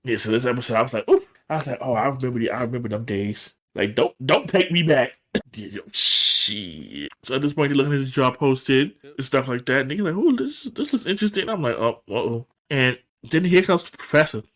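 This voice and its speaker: A man's medium-pitched voice moves briskly as he co-hosts a podcast and gives a casual rundown of a TV episode. Animated throughout, he voices the characters' lines in changing tones.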